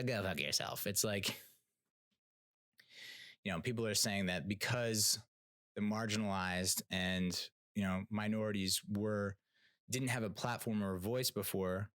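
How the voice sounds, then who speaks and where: A man with a fairly low voice talks through a solo podcast rant, loose and unscripted, stumbling over restarts and fillers. He is blunt and swears freely. The sound is dry and close, with no room around it. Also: moderate pace, fairly bright tone, no room sound. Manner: rambling, many fillers and restarts, blunt and profane. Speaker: podcast host. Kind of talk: casual solo rant and TV review.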